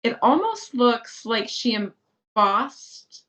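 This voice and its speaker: A woman's voice: fairly high pitch, very animated, extremely slow, distant mic. A woman co-hosting a craft show, mostly agreeing and adding short comments about the cards. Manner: agreeable, soft-spoken, short affirmations. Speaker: co-host. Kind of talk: casual chat reviewing viewer crafts.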